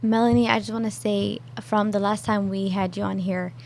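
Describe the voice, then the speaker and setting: A woman's voice: mid-range voice, steady tone, gravelly, darkish tone, a little hiss or hum. A woman co-hosting a podcast, talking eagerly and emotionally in a casual chat. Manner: emotional, eager, quick bursts. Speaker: podcast co-host.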